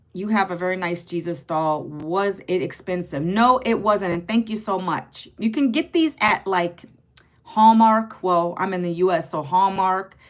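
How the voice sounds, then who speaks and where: A woman in her forties from Virginia, chatting casually on a phone livestream as she greets viewers by name and reads their comments. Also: mid-range voice. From Virginia, United States. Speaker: livestream host.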